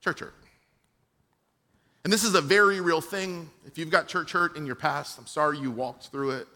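Man preaching a sermon, high voice, bright tone, storytelling pastor, soft then emphatic. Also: normal speed. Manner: personal storytelling with emotional swings between soft and emphatic. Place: church.

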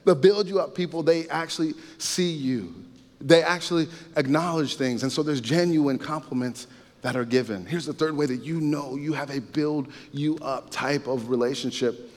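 A man's voice: a little high, moderate pace, darkish tone, big-room sound. A man giving a casual sermon-style talk, conversational and repetitive, with frequent asides to his listeners. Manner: conversational, repeats himself, frequent asides to the audience. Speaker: speaker giving a faith-based talk.

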